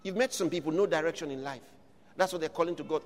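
A man preaching a sermon, building from steady teaching to shouted declarations. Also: high voice, rapid-fire, long reverb tail, slight background noise.

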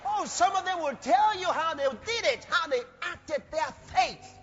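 A man preaching a fervent sermon, with bursts of shouting and acted-out quotes. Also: extremely high pitch, expressive, measured pace. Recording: dull, echoey hall recording.

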